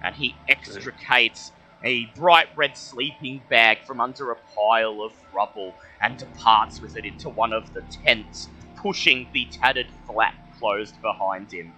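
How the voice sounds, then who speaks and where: A man narrating as game master, describing creatures and scenes in a measured storytelling way. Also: mid-range voice, sharp tone, faint music behind, poor audio.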